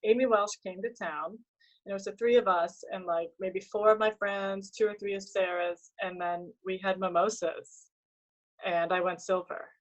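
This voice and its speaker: A woman's voice: mid-range voice, fairly even intonation, moderate pace, low-quality recording. A woman chatting casually on a video call from a tablet, talking freely with plenty of fillers. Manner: chatty, full of fillers, emotional. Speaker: team member sharing convention takeaways.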